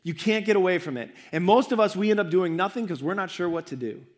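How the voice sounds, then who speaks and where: A man's voice: high voice, quick pace. Earnest man preaching a sermon. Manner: earnest, repetitive preaching with rising emphasis. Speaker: pastor. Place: church.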